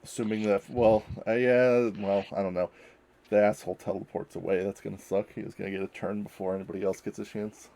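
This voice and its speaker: A man playing a tabletop game, thinking out loud with hesitant restarts. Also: fairly low pitch, flat delivery, a little fast, vocal fry. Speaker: player. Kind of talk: casual tabletop game chat.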